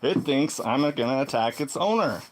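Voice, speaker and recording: Animated man telling a story. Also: normal speed, slight background noise. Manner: animated, swings between loud exclaims and low muttered asides. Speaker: vlogger. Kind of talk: casual storytelling monologue.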